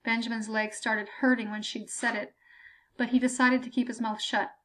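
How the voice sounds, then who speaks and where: A woman reading a story aloud as audiobook narration, steady and even-toned. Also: fairly high pitch, normal speed. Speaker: audiobook reader.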